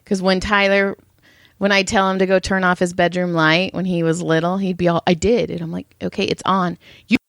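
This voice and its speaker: A woman's voice: fairly low pitch, a little fast, gravelly, no echo, clean studio sound. A middle-aged woman co-hosting a podcast, telling stories in casual chat and acting out what people said. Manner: animated storytelling, acts out quotes. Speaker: podcast co-host.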